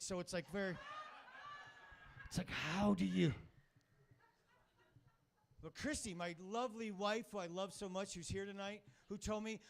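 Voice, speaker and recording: Middle-aged male comic hosting a club night, high voice, crude and self-mocking, on a stage mic. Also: normal speed, pauses often, a little hiss or hum. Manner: crude, rambling, self-mocking, swears a lot. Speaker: stand-up comic and show host. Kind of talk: stand-up comedy set.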